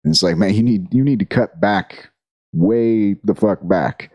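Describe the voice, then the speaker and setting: A man's voice: on the low side, unhurried, no echo, highs cut off. A man in casual podcast chat, talking in a profane, opinionated, reflective way.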